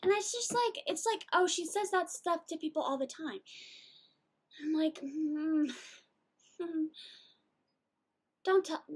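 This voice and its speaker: A woman's voice: high-pitched, a bit bright, slightly rough. A woman of eighteen, ranting animatedly and indignantly in a casual video journal. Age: late teens.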